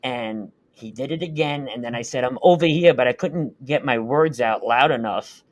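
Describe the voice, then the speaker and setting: A man's voice: mid-range voice, normal speed. A man, a guest on a talk show, earnestly recounting a personal experience in casual, vivid detail. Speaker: guest recounting a UFO sighting. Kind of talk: casual first-person storytelling.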